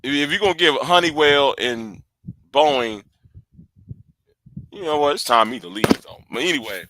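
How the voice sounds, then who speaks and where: A man giving casual political commentary on a call, halting and restarting his sentences often. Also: a little high, lively intonation, pushed and bright, no echo. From United States. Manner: halting, many repeats and restarts.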